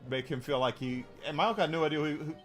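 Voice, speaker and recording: Rambling storytelling man, slightly high voice. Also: quick pace, faint music behind. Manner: rambling, with many restarts and fillers. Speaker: game streamer. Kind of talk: casual storytelling while streaming.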